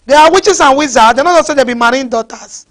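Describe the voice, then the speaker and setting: A woman's voice: high voice, a little fast, a bit bright. A woman with a Nigerian accent preaching a fiery sermon, scolding her listeners with repeated rhetorical questions.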